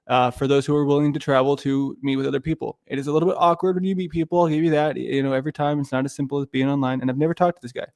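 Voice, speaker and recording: A man's voice: mid-range voice, fairly even intonation, very fast, few pauses, a little mellow, no room sound, studio quality. A man hosting a livestream, rambling through casual commentary with lots of swearing and restarts. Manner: rambling, profane, loses his thread. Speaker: streamer host.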